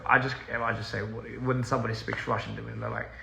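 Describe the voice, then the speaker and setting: A man with a gravelly, bright voice chats loosely on a livestream, drifting off topic and laughing at himself. He is recorded on a phone in a roomy, echoey house with a faint hiss behind him. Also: medium pitch, level tone, brisk. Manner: rambling, easily sidetracked, laughs often. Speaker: touring musician on a livestream. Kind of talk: casual livestream chat. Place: inside a house.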